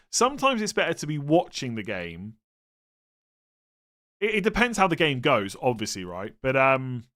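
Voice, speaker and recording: A weary male streamer from England, with a mid-range and fairly bright voice, reads out viewer questions and replies in a meandering, casual way. He's chatty, yawns, and tends to cut himself off.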